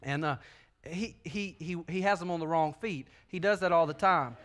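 A man's voice: on the high side, moderate pace, a bit bright. A male pastor, preaching a sermon in a folksy, joking, conversational way. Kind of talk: sermon with personal stories.

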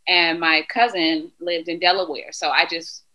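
A woman guest on a podcast, candidly retelling a personal story with lively quoted dialogue. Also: on the low side, normal speed, poor audio. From Philadelphia area. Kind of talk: casual conversational storytelling.

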